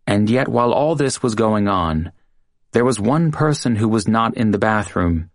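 A male narrator reads a true-crime story in a measured, dramatic way. His voice sits low, and the recording is dry and close, with no room sound. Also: expressive, no echo. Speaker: audiobook narrator.

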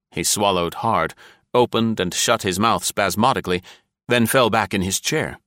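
A man, working as an audiobook narrator, reads a scripted adventure story in a measured, even storytelling style. His voice sits on the low side, and the recording is dry and studio-clean.

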